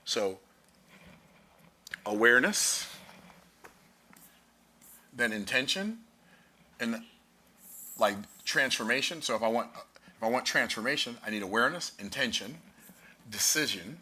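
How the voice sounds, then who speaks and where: A man's voice: medium pitch, animated, measured pace, long pauses, pushed and bright, breathy edge. A man preaching a sermon, reading scripture aloud and explaining it with emphatic, rising declarations.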